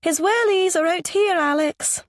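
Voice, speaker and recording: A man voicing a brisk, cheery posh Scottish woman in a high, breezy voice. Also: dry recording, studio quality.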